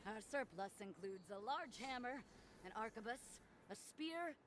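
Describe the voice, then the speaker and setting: A woman's voice: fairly high pitch, animated, measured pace. An actress voicing a blunt, teasing woman warrior in a video game, with a noisy game recording behind her. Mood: brusque.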